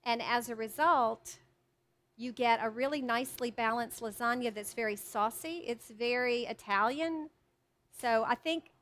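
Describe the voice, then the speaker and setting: Woman, high voice, chatty cookbook author demoing recipes live, self-deprecating. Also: fairly bright tone. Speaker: cookbook author doing a cooking demo. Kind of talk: live cooking demonstration to an audience. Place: teaching kitchen with a live audience.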